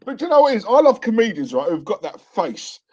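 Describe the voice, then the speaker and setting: A man's voice: sits high, big pitch swings, fast, a little mellow, muffled recording. A man co-hosting a live stream, chatting casually and laughing often. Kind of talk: casual chat.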